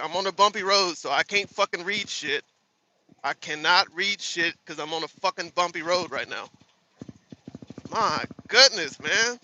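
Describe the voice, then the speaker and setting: A man's voice: fairly high pitch, pushed and bright, a little hiss or hum, low-quality recording. A man driving a truck and live streaming, ranting and swearing in a casual, exasperated way from inside his cab. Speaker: truck driver livestreamer. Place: truck cab on a bumpy road. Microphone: phone.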